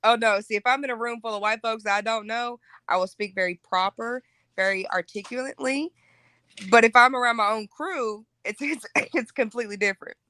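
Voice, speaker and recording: A woman's voice: fairly high pitch, fairly even intonation, a little fast, hardly any pauses, bright, forceful tone, dry recording. A woman with a Southern US accent, a guest on a casual panel discussion, talking candidly and laughing easily. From Alabama, US South.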